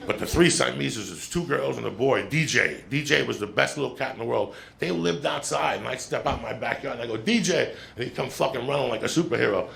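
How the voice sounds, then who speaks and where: A man telling a long stand-up story, swearing constantly and rambling in an animated way, recorded at a live comedy show. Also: mid-range voice, quick pace, gravelly, few pauses. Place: comedy club stage. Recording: live show with crowd laughing. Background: audience laughter.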